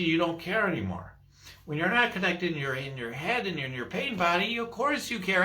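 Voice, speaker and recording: A man's voice: high-pitched, bright, forceful tone. A middle-aged man coaching on a live stream, rambling enthusiastically and acting out little voices. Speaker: spiritual sales coach.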